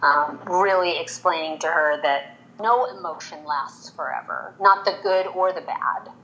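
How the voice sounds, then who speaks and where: Fortyish woman guest, lowish voice, storytelling, acts out quotes all animated. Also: measured pace, highs cut off. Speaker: makeup artist, guest. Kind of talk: storytelling interview answer.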